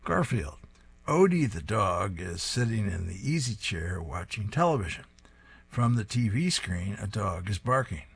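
A man's voice: on the low side, very animated, measured pace, breathy edge, no room sound. A man hosting a program where he reads comic strips aloud, chuckling at the jokes. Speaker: host reading comic strips. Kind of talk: reading service narration.

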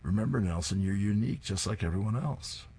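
A man reading the lines of a gentle elderly grandmother, calm and reassuring. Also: fairly low pitch, fairly quick, gravelly, slightly rough, exaggerated voice.

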